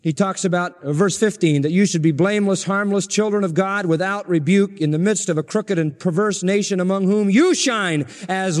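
A man preaching a sermon as pastor, emphatic and repetitive, stressing key phrases slowly. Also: sits high, in a large hall.

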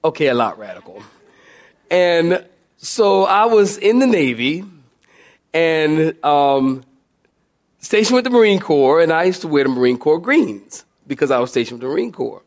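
A man with a high, bright voice preaches in a drawl. He tells his story with plenty of energy, laughing as he goes and now and then bellowing out an impression of a drill sergeant. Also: normal speed. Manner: animated, acts out shouting and laughs mid-story. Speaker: pastor. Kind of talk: storytelling sermon.

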